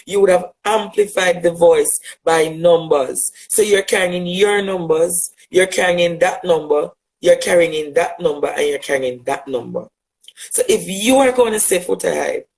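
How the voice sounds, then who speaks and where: A man's voice: high voice, a little mellow, rough recording. A man from Jamaica with a Jamaican accent, an LGBTQ advocate delivering a fiery, rhetorical monologue at a critic and repeating phrases for emphasis. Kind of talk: impassioned monologue addressing a critic.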